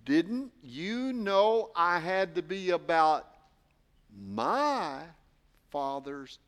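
A man voicing young Jesus, answering his mother politely and calmly. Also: a little high, full character voice. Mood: earnest. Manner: gentle, measured.

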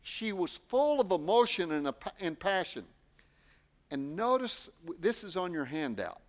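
A man's voice: high-pitched, measured pace. A man preaching a sermon, acting out quotes and posing rhetorical questions to the congregation. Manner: expressive, acts out quotes, poses rhetorical questions.

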